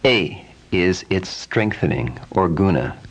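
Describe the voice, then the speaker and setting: A man with a low, deep voice teaches pronunciation at an unhurried, measured pace. He speaks calmly and repeats each vowel sound several times as a drill. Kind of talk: slow, deliberate pronunciation lesson.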